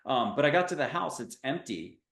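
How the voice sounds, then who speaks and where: A man's voice: mid-range voice, sing-song, a little fast, a bit bright. Male host, enthusiastic and rambling, midrange voice, roomy echo. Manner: enthusiastic, rambling, playful wordplay. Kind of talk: enthusiastic spiritual talk show chat.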